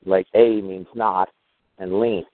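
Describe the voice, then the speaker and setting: Brief: male radio host, low voice, rambling jokey banter, phone-line sound. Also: flat delivery, slow pace, no echo. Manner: rambling, jokey, acts out imagined exchanges. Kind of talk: casual call-in chat.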